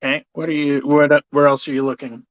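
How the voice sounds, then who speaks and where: A game master narrating a tabletop game, hesitant with many pauses and fillers. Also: mid-range voice, level tone, dry recording, highs cut off.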